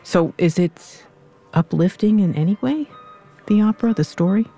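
Brief: male host, gravelly voice, steady guiding questions, faint music behind. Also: high voice, moderate pace. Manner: guiding, asks clarifying questions for listeners. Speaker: interview host. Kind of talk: conversational interview.

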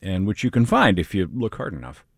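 Wry male radio host, low voice, dry close sound. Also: very animated, a little fast, fairly bright tone, no echo. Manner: wry, chatty asides. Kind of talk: radio presenting.

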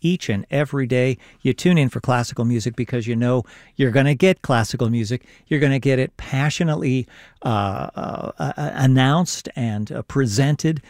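A man's voice: moderate pace, darkish tone, no echo, studio quality. A male radio host earnestly urging listeners to become members during a pledge drive. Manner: earnest, persuasive fundraising pitch. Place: radio studio.

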